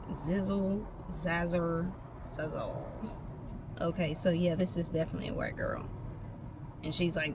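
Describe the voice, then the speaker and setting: Gravelly, profane tarot reader. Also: mid-range voice, measured pace. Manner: loose, profane, free-associating commentary. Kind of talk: casual intuitive reading. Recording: noisy background with vehicle sounds.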